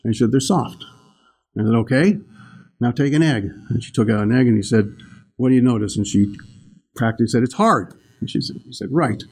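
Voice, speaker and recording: A man's voice: mid-range voice, a little fast, a little mellow, slightly rough. An older man giving a morning spiritual talk, rambling and telling a story with small laughs. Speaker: spiritual teacher.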